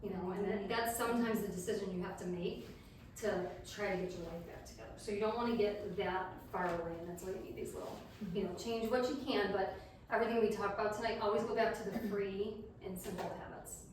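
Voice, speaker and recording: A woman's voice: medium pitch, steady tone, fast talker. Chatty woman in an echoey hall. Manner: chatty, laughs at herself. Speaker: health coach. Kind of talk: casual talk to a live audience. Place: large room at a community event. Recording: echoey room, distant mic, faint background noise.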